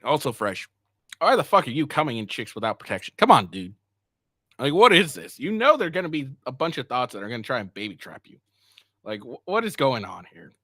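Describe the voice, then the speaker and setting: Very animated and a little fast, this man's medium-pitched voice sounds pushed and bright, with clean studio audio and no room sound. A streamer of Asian heritage, he gives live reaction commentary on a podcast drama, reading texts verbatim and mocking them with lots of profanity and laughter.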